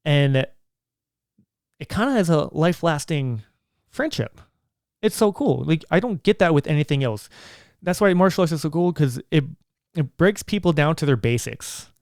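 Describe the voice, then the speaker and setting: A man's voice: a little high, expressive, normal speed, pauses often, no echo, studio quality. A man hosting his own podcast, talking in a casual, earnest and rambling way. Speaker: podcast host.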